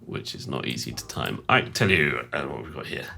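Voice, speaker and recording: A man's voice: extremely low pitch, big pitch swings, fairly quick, vocal fry, music in the background. A man, a sound designer, gives a casual, rambling and self-mocking walkthrough of his synth patches.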